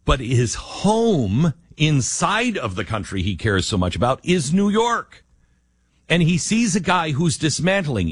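A man's voice: on the high side, measured pace, husky, dry recording, studio quality. A man hosting a talk radio show, giving emphatic commentary and reading ads live. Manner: animated, emphatic, drops into quoted voices.

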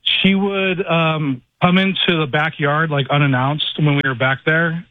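A man calling in to a radio show, telling a personal story in a halting, rambling way, full of "like" and restarts. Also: fairly high pitch, fairly even intonation. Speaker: caller. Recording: tinny phone line.

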